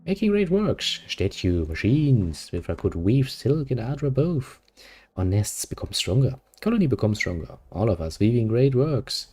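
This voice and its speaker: A man voicing an ancient spider-faced alien creature that speaks in slow, broken phrases while he reads game dialogue aloud. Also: mid-range voice, big pitch swings, a little mellow, husky. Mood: earnest. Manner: halting broken speech, slow and strange.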